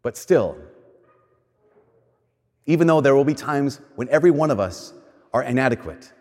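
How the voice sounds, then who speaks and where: A man delivering a conversational sermon as a pastor, slowing down for emphatic lines and speeding up through quick asides. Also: medium pitch, lively intonation, darkish tone. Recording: long hall reverb.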